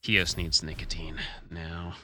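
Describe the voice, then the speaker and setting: A man's voice: low voice, flat delivery, slow pace, noisy background. A man streaming a speedrun, rambling and joking profanely while he has the hiccups. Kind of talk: casual live-stream commentary.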